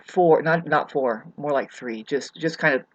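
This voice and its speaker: A woman venting in a ranting monologue, profane and agitated, swinging from loud scolding to hushed asides and stumbling over her restarts. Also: sits low, measured pace, lo-fi sound. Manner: stammering restarts. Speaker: vlogger.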